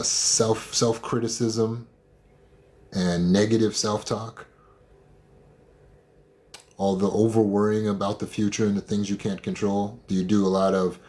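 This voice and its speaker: Blunt, emphatic man with a lowish voice. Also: darkish tone. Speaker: trauma recovery coach. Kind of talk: motivational talk.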